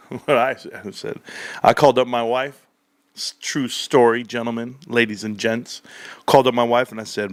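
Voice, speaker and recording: A man's voice: mid-range voice, normal speed, dry recording. A man talking into a desk microphone on a casual stock-market stream, joking crudely and boastfully as he rambles. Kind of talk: casual rambling livestream chat.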